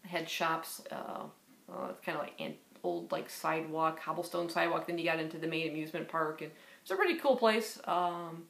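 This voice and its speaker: A woman's voice: sits low, fairly quick, gravelly, fairly bright tone. A woman in her fifties casually reading through tag questions and answering them in a rambling, filler-heavy way. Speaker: book vlogger. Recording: echoey room.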